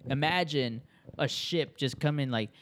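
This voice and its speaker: A man's voice: medium pitch, unhurried, a bit bright. Laughing, rambling young man. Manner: rambling, laughing, slangy storytelling. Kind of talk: casual chat among friends.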